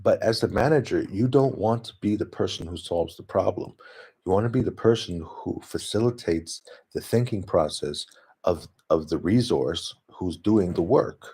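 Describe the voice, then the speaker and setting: Husky-voiced man rambling and laughing. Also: low voice, lively intonation, normal speed, dark tone. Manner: laughs often, restarts and trails off. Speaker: vlogger. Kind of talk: rambling casual monologue. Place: home, talking to his dog.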